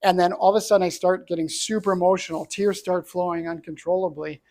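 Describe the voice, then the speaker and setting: A middle-aged man from Canada tells his own story with earnest, reflective feeling. His voice sits a little high and has a gravelly, creaky edge. He speaks as an entrepreneur sharing what happened to him. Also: steady tone, fast, darkish tone. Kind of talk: personal storytelling talk.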